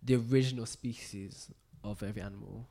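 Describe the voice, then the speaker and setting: A man's voice: on the low side, steady tone, fairly quick, gravelly, mellow. A man explaining a point in a casual podcast chat, hesitant and full of fillers. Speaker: podcast co-host.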